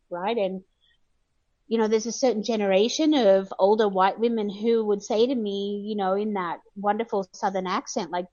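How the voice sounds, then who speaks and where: A woman's voice: medium pitch, a little mellow, dry recording, dull audio. Chatty woman from Australia, remote line. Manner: chatty, laughing, many fillers. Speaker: guest historian. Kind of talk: interview answers.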